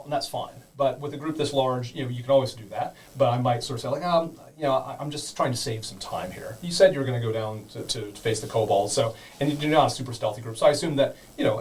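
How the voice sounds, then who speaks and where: A man's voice: medium pitch, recorded from a distance, slight background noise, rough recording. A man narrating as game master, explaining things casually, with many fillers. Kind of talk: teaching and narrating a tabletop game.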